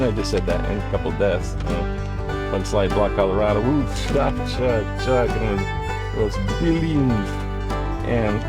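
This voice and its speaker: A man from Hawaii chatting casually on his own, reacting to the news with laughs and asides. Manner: rambling, laughs often, jumps in pitch for exclamations. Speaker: host reading and reacting to news. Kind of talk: casual solo chat.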